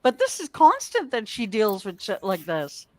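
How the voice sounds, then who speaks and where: A woman's voice: medium pitch, wildly swooping pitch, moderate pace, no room sound. A woman chatting casually, reacting to a story with exclamations and laughter. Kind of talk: casual chat.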